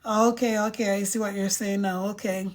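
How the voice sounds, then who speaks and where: A woman's voice: mid-range voice, little pitch movement, moderate pace. A woman hosting a casual live stream, reading viewer comments aloud and giving her emphatic, outspoken opinions.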